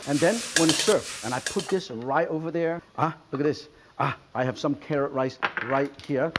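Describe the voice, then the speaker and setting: An older man hosting a cooking show, cheerfully walking through a stir-fry and chatting as he shops, in slightly non-native English. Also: on the high side, background noise. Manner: enthusiastic, exclaiming and chatty. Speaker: celebrity chef and host.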